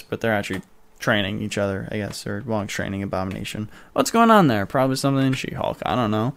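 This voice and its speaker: A man hosting a casual podcast, rambling through a movie recap and dropping into quick voice impressions. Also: mid-range voice, clear, resonant tone. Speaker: podcast host.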